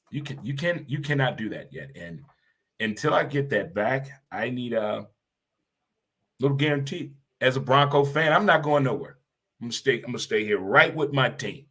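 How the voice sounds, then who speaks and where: A man's voice: mid-range voice, breathy edge. Emphatic man hosting a sports talk show. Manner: animated, emphatic, repeats lines for effect. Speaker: show host.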